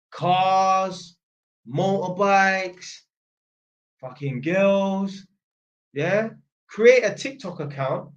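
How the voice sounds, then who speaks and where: A man's voice: sits high, highs cut off. A man from Northampton, talking bluntly and casually in slang as he answers viewer questions on a livestream. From Northampton, England. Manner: blunt, slang-heavy, swears freely.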